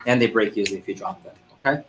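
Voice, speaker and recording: A man's voice: fairly low pitch, very fast, a little hiss or hum, poor audio. A man running a sales training seminar, coaching the group and firing questions at them.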